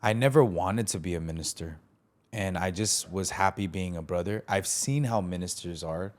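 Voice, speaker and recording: A man with a lowish voice tells his story in a relaxed interview. He is earnest and reflective, and he brings past dialogue to life with animated retelling. He speaks as a preacher looking back. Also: moderate pace. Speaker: preacher and podcast guest.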